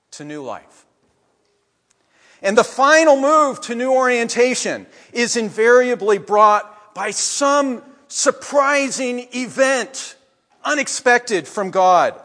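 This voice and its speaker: A man preaching a sermon in a church, his voice sitting high and his pace unhurried. He lets the ends of phrases drop away quietly. The sanctuary leaves a long reverb trailing behind each word. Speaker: pastor.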